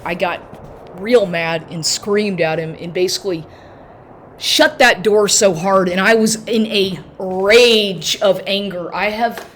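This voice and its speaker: A woman recording herself on a phone at home, telling an emotional personal story in an agitated, halting way with many restarts and swearing. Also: medium pitch, a little hiss or hum. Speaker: vlogger. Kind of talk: emotional personal account to camera. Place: at home, inside and on the porch.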